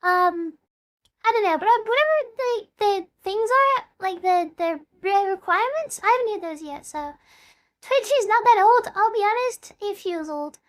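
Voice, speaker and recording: A woman's voice: extremely high pitch, animated, moderate pace. A woman in her twenties chatting casually on a live stream, rambling and self-deprecating as she greets her chat. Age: 20s. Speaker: VTuber streamer.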